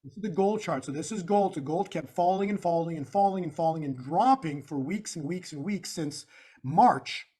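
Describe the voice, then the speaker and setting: A man's voice: a little high, normal speed, mellow, breathy edge. A man being interviewed, walking through slides in an emphatic, repetitive, preacher-like way. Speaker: guest analyst.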